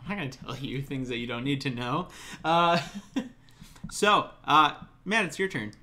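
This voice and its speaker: A man's voice: mid-range voice, expressive, a little slow, sharp tone. A man running a tabletop role-playing game as game master, casual and hesitant, with frequent ums.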